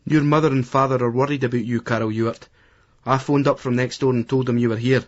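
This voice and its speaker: A man reading an audiobook, voicing a strict, fed-up middle-aged mother who scolds in a shrill, clipped Scottish voice. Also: fairly even intonation, fast talker, lightly acted. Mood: scolding. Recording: dull lo-fi audiobook recording.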